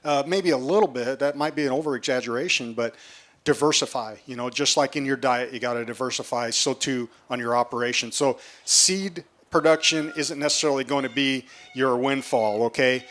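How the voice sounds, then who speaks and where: In a tent at an outdoor festival, a seed production manager moderates a panel, his medium-pitched voice fairly quick and fairly bright. He explains prices and puts questions to the audience in a conversational way.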